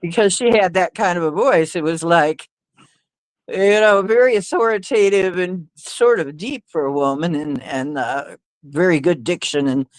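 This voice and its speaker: A woman's voice: on the low side, moderate pace, dry recording, low-quality recording. Rambling woman storyteller, dry close sound. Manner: rambling, hesitant, with frequent fillers and laughs. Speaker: livestream host. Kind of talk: casual storytelling chat.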